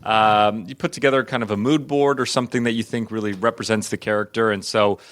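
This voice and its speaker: A man's voice: lowish voice, steady tone, quick pace, a bit bright. A man chatting as an actor guest in an interview, laughing often and talking in loose, restarting sentences. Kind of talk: casual interview chat.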